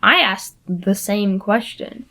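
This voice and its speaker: A woman's voice: medium pitch, takes it slowly, bright, forceful tone, slight background noise, poor audio. A woman voicing a sarcastic, impatient pudgy male camp director, drawling and mocking in a storybook reading. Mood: scornful.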